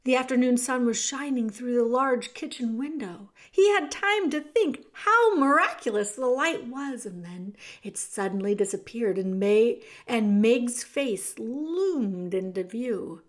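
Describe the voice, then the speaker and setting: Woman narrator for a children's storybook, high and unhurried, expressive. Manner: expressive, leans into the action and speaks to the reader. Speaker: audiobook narrator.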